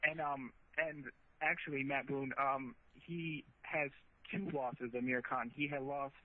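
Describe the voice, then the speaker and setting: A man calls in to a talk radio show, speaking haltingly with many ums. His voice comes through a narrow, tinny phone line. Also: mid-range voice, fairly even intonation. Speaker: caller.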